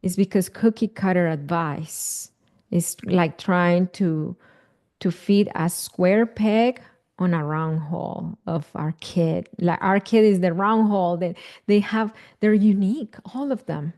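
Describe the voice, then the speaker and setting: Woman, parenting teacher in a live class, slow and repetitive. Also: lowish voice, dark tone. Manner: repetitive, emphatic, asks audience questions. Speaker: parenting educator.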